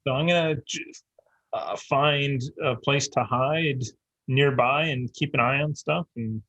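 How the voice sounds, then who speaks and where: A man playing a tabletop game, talking in a halting way as he thinks aloud about his move. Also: mid-range voice, a bit bright, no room sound, poor audio. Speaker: player. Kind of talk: casual tabletop game chat.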